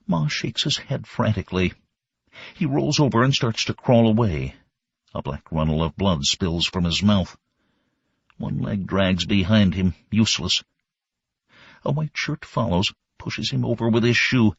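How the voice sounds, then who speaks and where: Brief: low husky male narrator, slow and measured, dry dull lo-fi recording. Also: fairly bright tone, no echo. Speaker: audiobook narrator. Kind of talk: scripted narration.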